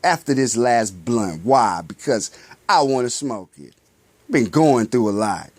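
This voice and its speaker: Lively man preaching in slangy talk. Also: medium pitch, unhurried, no echo. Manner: poses rhetorical questions and answers them himself; loose, slangy street talk. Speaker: spiritual vlogger. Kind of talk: casual spiritual monologue.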